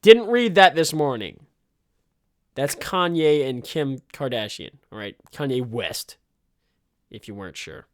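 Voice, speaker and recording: A man's voice: mid-range voice, lively intonation, unhurried. A young man hosting a podcast, riffing in sarcastic, casual comedic commentary and swearing freely. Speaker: podcast host.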